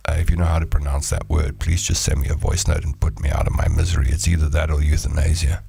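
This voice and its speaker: A man's voice: a bass voice, level tone, quick pace, gravelly, dark tone, husky, no echo. A South African man hosting a casual solo chat show, reading out listener messages with a playful, joking, rambling manner. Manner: playful and jokey, rambling asides.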